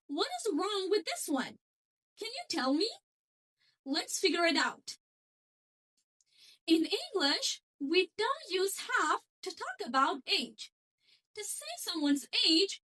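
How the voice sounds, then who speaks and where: A woman teaching English in a clear, deliberate, slightly sing-song delivery, walking through grammar mistakes with example sentences. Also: very high voice, a bit bright. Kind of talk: scripted grammar lesson.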